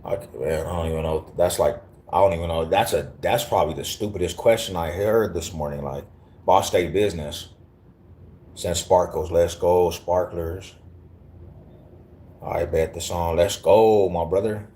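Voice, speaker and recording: A man's voice: low-pitched, moderate pace, warm tone. A man from Denver with an East Denver accent, chatting casually on a live stream, slangy and profane. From Denver, Colorado. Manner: slangy, profane, laid-back banter. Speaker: livestreamer reading chat.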